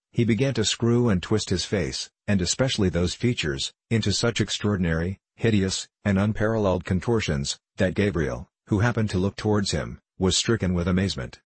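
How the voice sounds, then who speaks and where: A man narrating a classic novel as an audiobook reader, measured and wry. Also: low-pitched, husky, no room sound. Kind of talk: scripted narration.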